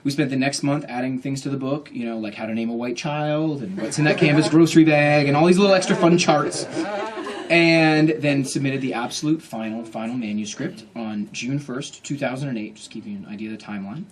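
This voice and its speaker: A man in his thirties telling a comic story to an audience at a book event, animated and self-mocking, acting out his own inner voice. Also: medium pitch, fairly quick, a little hiss or hum.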